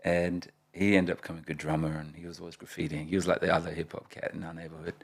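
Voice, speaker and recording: Deep gravelly man telling stories. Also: very fast. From Australia (Perth). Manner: animated storyteller, laughs often. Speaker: guest, rapper. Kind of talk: casual interview storytelling.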